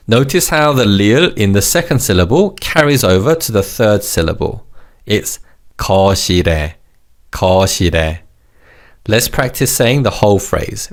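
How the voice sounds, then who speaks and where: Lively low-voiced man teaching a language. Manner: clear, encouraging repeat-after-me drilling. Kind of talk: scripted language lesson.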